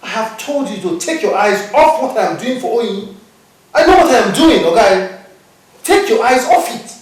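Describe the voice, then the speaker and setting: A man's voice: fairly high pitch, big pitch swings, normal speed, far from the mic. A man with a Nigerian accent playing an impatient younger businessman who brushes off requests for money. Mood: dismissive. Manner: impatient, dismissive. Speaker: younger businessman refusing help. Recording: very echoey room, voice from afar, faint noise.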